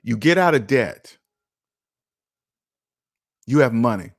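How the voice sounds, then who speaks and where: Finance host, 30s male, mid-pitched, passionate and preachy, dry recording. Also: expressive, slow pace, dry recording. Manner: passionate, preachy, repeats his points. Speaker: personal finance show host. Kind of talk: casual talk monologue.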